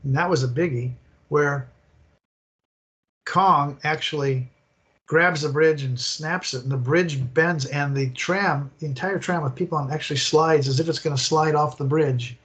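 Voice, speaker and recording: An older man telling animated, rambling stories as a guest in an interview, acting out the scenes as he goes. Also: on the high side, measured pace. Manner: animated, rambling storyteller who acts out scenes. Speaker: guest, attraction designer. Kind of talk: casual interview storytelling.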